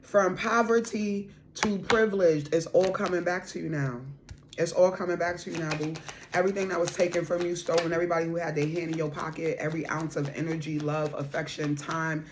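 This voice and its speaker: A woman's voice: sits low, a little fast. Woman, spiritual reader, casual, emphatic, repeats herself, slangy endearments, faint hiss behind. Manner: bursts into loud laughter and raised voice when excited. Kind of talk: casual intuitive reading to viewers.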